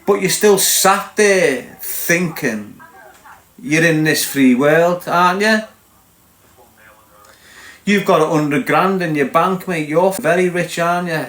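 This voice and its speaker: A man's voice: fairly high pitch, takes it slowly, long pauses, a bit bright. A man with a Liverpool accent talking bluntly to his live viewers, lecturing and asking again and again if they understand. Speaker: livestream host. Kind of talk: casual rant to live viewers. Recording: echoey room.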